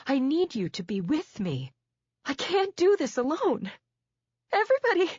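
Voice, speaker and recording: A woman's voice: sits high, sing-song, measured pace, darkish tone, dry recording, muffled recording, pitched above the performer's own voice. A woman playing a desperate, defiant wife. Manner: strained, raised, emotional. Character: desperate wife standing firm on principle.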